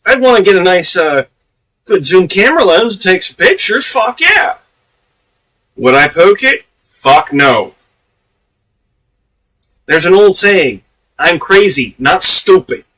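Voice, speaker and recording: A man's voice: high-pitched, big pitch swings, unhurried, long pauses, a bit bright, far from the mic, low-quality recording. A man giving casual, profane commentary on a live stream, laughing often.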